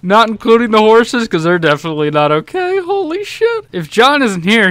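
High-voiced excitable young man gaming. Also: brisk, few pauses, smooth, dry recording. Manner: excitable, laughing, shouting reactions. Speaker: gaming YouTuber. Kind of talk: let's-play commentary.

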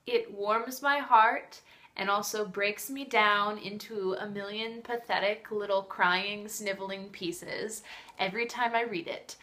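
A woman's voice: mid-range voice, fairly bright tone. A woman talking in a casual vlog review, gushing and emotional as she chats about a book she loves.

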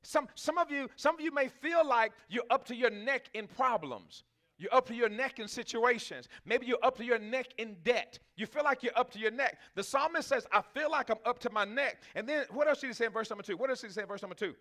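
A man's voice: very high-pitched, expressive, a little fast, pushed and bright. A man preaching a sermon as pastor, talking conversationally, asking the congregation questions and laughing often. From Texas.

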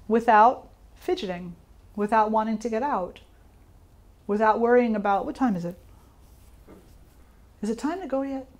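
Calm, questioning woman yoga teacher. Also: medium pitch. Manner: calm, reflective, asks the listener questions. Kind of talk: informal teaching talk.

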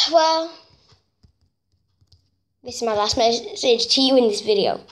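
A young woman giving chatty, excitable gameplay commentary, nervous and talkative, recorded on a phone. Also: a little high, slow. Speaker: gamer. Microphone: phone screen-recorder mic.

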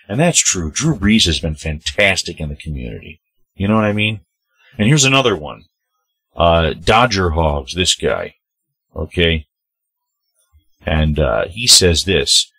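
A man's voice: sits low, sing-song, a little slow, long pauses, sharp tone, slightly rough, dry recording. A man hosting his own opinion vlog. He reads social media posts aloud and answers them in a heated, preachy way, speaking straight to the people he names. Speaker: channel host.

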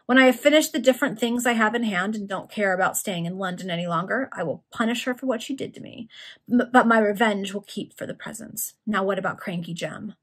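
A woman's voice: medium pitch, brisk, close to an everyday voice. A woman reading aloud, voicing a cool, menacing male villain who robs graves. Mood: cold. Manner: menacing, growling.

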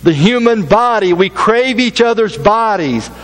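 Male pastor, fairly high voice, emphatic sermon delivery with repeated phrases. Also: animated, a little slow, low-quality recording.

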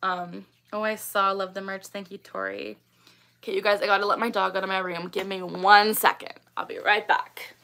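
A woman's voice: medium pitch, flat delivery, moderate pace, creaky, bright, forceful tone. A young woman hosting a casual livestream, reading viewer comments and chatting with lots of ums and likes. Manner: chatty, many ums and likes, laughs often. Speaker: livestream host.

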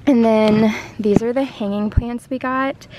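A woman's voice: a little high, steady tone, a little slow, background noise. A woman vlogger chatting casually and rambling to a handheld camera outdoors in her yard. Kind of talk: casual vlog talk to camera.

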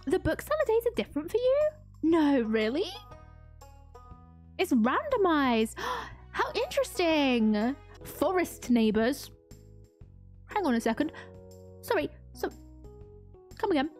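A woman's voice: sits high, big pitch swings, unhurried, long pauses, a little mellow, soft background music. A young woman streaming a farming game, gushing and self-mocking as she chats to her viewers. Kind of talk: excitable live-stream commentary.

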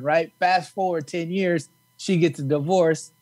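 Husky man telling a blunt story. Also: a little high, unhurried, a little mellow. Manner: blunt, crude punchlines, laid-back storytelling. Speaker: podcast co-host. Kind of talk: casual comedic chat and storytelling.

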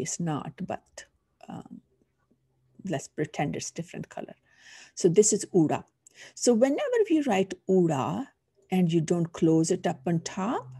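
Low gravelly woman teaching a lesson. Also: dark tone, dry recording, clean studio sound. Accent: Punjabi. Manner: patient, explaining step by step while writing. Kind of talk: recorded online lesson.

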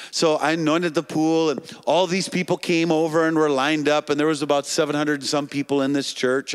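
A man preaching a sermon, telling a healing story in an animated way and calling out to the congregation. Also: a little high. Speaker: evangelist preacher. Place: church or TV broadcast stage.

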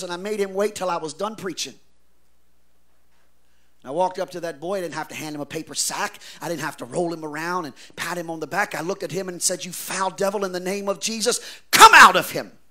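A man preaching a revival sermon, swinging from quiet asides to shouted declarations, with a folksy preacher's cadence. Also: sits high, fast. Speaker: pastor.

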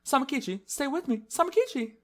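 A man voicing a gentle young sea-witch girl, speaking sweetly and dreamily in a put-on American Southern accent. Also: very high-pitched, very animated, quick pace, voice pushed up. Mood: pleading. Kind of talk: let's-play voice acting.

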